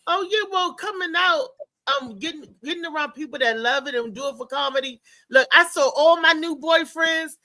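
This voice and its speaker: A woman comedian telling comic stories in casual chat, animated and laughing, acting out the people in her stories. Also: high voice, moderate pace, no room sound. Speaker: stand-up comedian guest.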